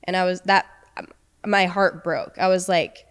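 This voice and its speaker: A woman's voice: on the low side, steady tone, moderate pace, clear, resonant tone. A young woman on a podcast, casually recounting a personal story and quoting what was said. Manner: recounting with quoted dialogue. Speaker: podcast guest.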